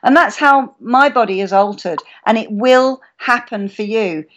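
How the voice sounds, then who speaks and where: A woman's voice: fairly high pitch, unhurried. A woman chatting casually on a live stream, telling stories and acting out her own reactions. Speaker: guest speaker.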